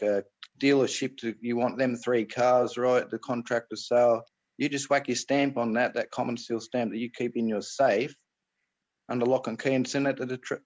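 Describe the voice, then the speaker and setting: An Australian man, a guest on a call, talks about private trusts in a relaxed, meandering way, restarting sentences and throwing in "mate" and "right?" His voice is medium in pitch and a little mellow, and the audio is dull.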